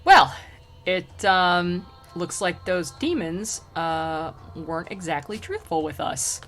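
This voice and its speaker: A woman voicing an irritable male poet guide who grumbles in a low, quiet way, in a casual storytelling reading. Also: animated, slow, soft background music. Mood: grudging.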